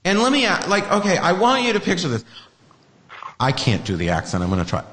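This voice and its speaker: A man's voice: high-pitched, huge pitch swings, fairly quick, a bit bright, long reverb tail, a little hiss or hum. Profane ranting male podcast host. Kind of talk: casual podcast chat.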